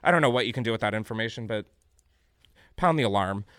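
Animated, swearing young man ranting. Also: on the low side, quick pace, smooth, dry recording, studio quality. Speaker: vlogger host. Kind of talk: casual ranting monologue.

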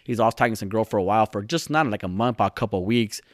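A man's voice: rapid-fire, no room sound, clean studio sound. Loose, swearing man telling a story. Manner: animated, swearing, rises high when retelling. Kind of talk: casual storytelling monologue.

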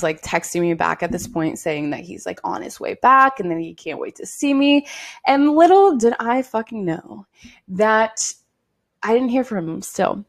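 A young woman in her twenties hosting a podcast, telling a personal story in a candid, animated way and swearing freely. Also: medium pitch, creaky. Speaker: podcast host. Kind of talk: casual storytime monologue.

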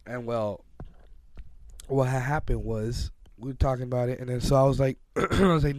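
A man co-hosts a relaxed home podcast, wandering through his sentences with likes and false starts. His voice is mid-pitched and comes across dry and close, with no room sound at all. Easygoing and unscripted. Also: moderate pace, no echo. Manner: rambling, with many likes and restarts. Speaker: podcast co-host. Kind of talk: casual chat. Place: home, playing poker while recording.

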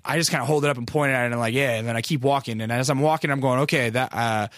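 A man's voice: medium pitch, fairly even intonation, racing, no room sound, studio quality. A man telling a long story in casual, rambling speech, full of profanity and self-deprecating asides.

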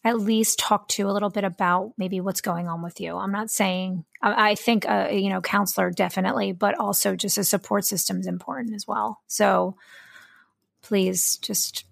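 Woman, podcast co-host, chatty and rambling, gravelly, dry. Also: mid-range voice, fairly even intonation, normal speed, no room sound. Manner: chatty, warm-hearted, rambling with fillers. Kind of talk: casual chat.

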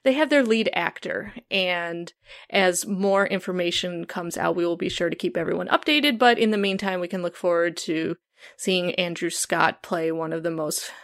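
A woman's voice: fairly low pitch, normal speed. A woman hosting a podcast in casual chat, chatty and enthusiastic, often restarting her sentences. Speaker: podcast host.

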